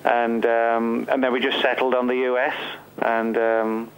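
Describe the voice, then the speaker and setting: A man's voice: mid-range voice, little pitch movement, a little slow, clean tone, low-quality recording. A man with an English Midlands accent, from Staffordshire, speaking as a remote interview guest and rambling loosely. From Staffordshire, England. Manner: rambling, many fillers and restarts. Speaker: guest, author.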